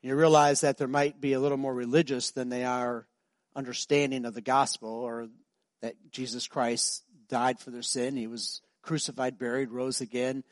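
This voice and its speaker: A man preaching a sermon, telling a story and building to loud, emphatic preaching. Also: mid-range voice, flat delivery, moderate pace, no room sound, clean studio sound. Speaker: pastor.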